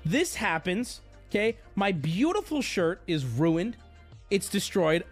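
A man's voice: sits high, very animated, moderate pace, soft background music. A man telling a story on his stream as a profane, self-mocking rant, getting heated as it goes.

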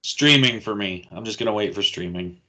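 A man's voice: fairly low pitch, moderate pace, bright, forceful tone. A man co-hosting a casual movie chat, riffing on the films with sardonic jokes and casual swearing. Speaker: podcast co-host.

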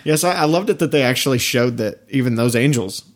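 A man's voice: mid-range voice, fairly quick. A laid-back man chatting about a TV episode, agreeable and casually profane. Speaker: podcast co-host.

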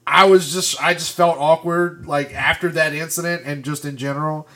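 A man co-hosting a podcast, telling a story in casual chat, getting louder and higher as it builds. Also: moderate pace, crowd noise. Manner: animated storyteller, gets loud and high when retelling. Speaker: podcast co-host. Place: podcast studio.

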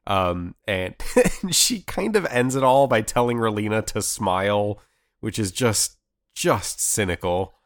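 Brief: young man, very low voice, dry close sound, laid-back anime recap host. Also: measured pace, dry recording. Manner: relaxed, rambling recap with fillers and restarts. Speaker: podcast co-host. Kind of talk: casual anime recap chat.

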